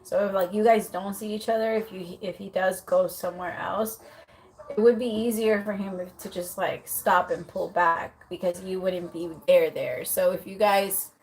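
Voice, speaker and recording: This rough recording, with slight hiss or hum, features a woman with a mid-range voice speaking at a normal pace. She's a tarot reader doing a relaxed live session, full of filler words, and she animatedly plays the man in the client's life, cursing in his voice.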